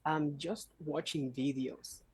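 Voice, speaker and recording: Man doing a speaking exam, slow and halting, reaching for words, video call audio. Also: on the high side, fairly even intonation, a little mellow, a little hiss or hum. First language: Spanish. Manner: halting, searches for words, trails off. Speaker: test candidate.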